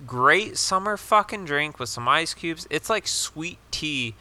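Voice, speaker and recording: A man's voice: on the high side, animated, takes it slowly, sharp tone. A young man co-hosting a casual podcast chat, rambling with lots of fillers and casual swearing. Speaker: podcast co-host.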